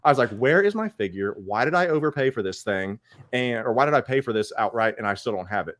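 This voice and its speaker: A man's voice: medium pitch, quick pace. A man co-hosting a casual podcast chat, telling a story and acting out the people in it. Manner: animated storytelling, acts out quoted exchanges. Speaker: podcast co-host. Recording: online call.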